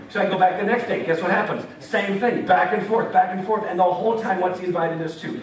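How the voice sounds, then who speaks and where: A man's voice: sits high, fast talker. A young man giving a casual, joking sermon with scripture reading, acting out voices as he tells the story. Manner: animated, jokey, acts out voices of God and Gideon. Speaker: campus ministry speaker. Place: meeting hall. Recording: echoey hall, from far off.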